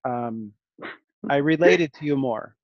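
Podcast host guy, halting, restarts a lot, dry sarcastic tone, dull lo-fi sound. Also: medium pitch, no echo. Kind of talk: casual conversation.

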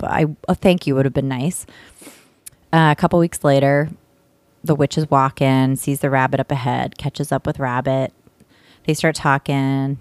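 A woman's voice: deep voice, no room sound. A woman co-hosting a podcast, telling stories casually and swearing freely. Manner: candid, swears freely, animated. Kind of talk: casual chat, storytelling.

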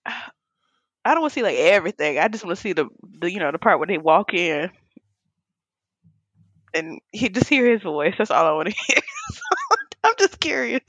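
A woman co-hosting a casual chat, animated and playful, laughing often and exclaiming. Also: lowish voice, normal speed, pauses often, no room sound, dull audio. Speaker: podcast co-host.

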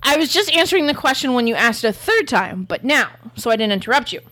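A woman co-hosting a comedic chat, quick-witted and teasing. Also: high-pitched, big pitch swings, pushed and bright. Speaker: podcast co-host.

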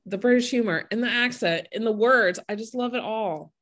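A woman co-hosts a relaxed podcast chat and keeps cheering her partner on with short affirmations. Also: fairly high pitch, normal speed. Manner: supportive, with frequent short affirmations. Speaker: podcast co-host. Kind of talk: casual chat.

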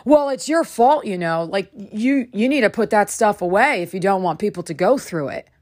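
A woman's voice: medium pitch, expressive, normal speed, darkish tone, close to an everyday voice. A woman putting on the offhand voice of a smug adult man who brushes off blame.

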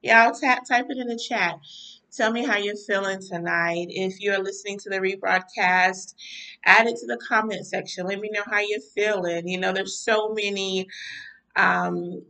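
A woman's voice: medium pitch, steady tone, normal speed, sharp tone, recorded from a distance, poor audio. A woman minister giving a fervent devotional talk full of repeated praise phrases, her voice sounding tired and mentally weary. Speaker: minister and podcast host. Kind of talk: devotional talk to a live audience.

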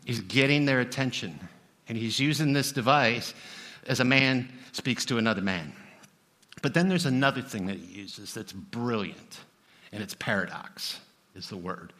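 A man's voice: medium pitch, moderate pace, sharp tone. A middle-aged man preaching a sermon as a pastor, talking conversationally and joking with the congregation. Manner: conversational, humorous asides to the congregation.

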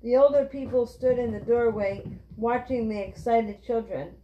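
A woman reads a children's book aloud in a clear, steady way. Her voice sits fairly high. The recording sounds roomy and lo-fi. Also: normal speed, a little hiss or hum. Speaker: reader. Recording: roomy, dull lo-fi.

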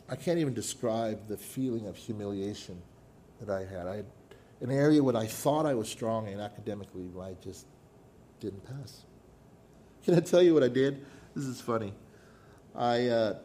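A middle-aged man preaching a sermon, his voice mellow and warm. He tells a story from his life with dramatic pauses, sometimes dropping to a near hush. A faint ambient hum sits behind him. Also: medium pitch. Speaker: pastor.

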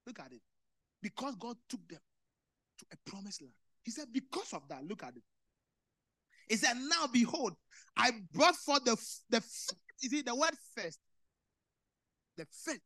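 Ghanaian pastor, bright dramatic sermon voice. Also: male voice. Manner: swings between loud bursts and low quiet delivery, repeats phrases.

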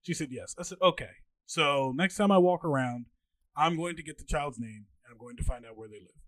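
A man in his twenties hosting a podcast, telling stories in a casual, animated way and acting out what other people said. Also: fairly quick, no echo. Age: 20s. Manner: animated, acts out quoted people with jumps in pitch. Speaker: podcast host. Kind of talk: casual storytelling monologue.

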